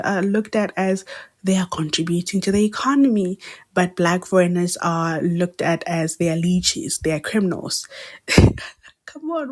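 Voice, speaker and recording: A South African woman vlogger giving earnest, argumentative social commentary with pointed rhetorical questions. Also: medium pitch.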